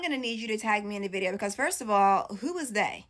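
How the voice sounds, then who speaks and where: A woman's voice: medium pitch, animated, quick pace, heavy background noise. A woman giving sarcastic, mocking commentary in a reaction video.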